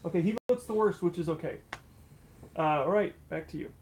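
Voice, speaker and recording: A man running a tabletop game as game master, narrating in a relaxed way and laughing often. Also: high-pitched, a little fast, slight background noise, rough recording.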